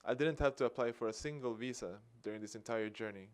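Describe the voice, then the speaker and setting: Swedish guy giving a talk, mid pitched, acts out the back and forth with a little laugh. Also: quick pace, smooth. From Sweden. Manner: lively storyteller acting out dialogue with a chuckle. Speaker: activist speaker. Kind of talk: public talk.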